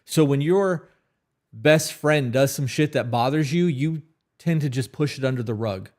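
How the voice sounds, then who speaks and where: A man's voice: medium pitch, unhurried, a little mellow. A man co-hosting a live advice podcast, talking candidly and at length, with casual swearing. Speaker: podcast co-host.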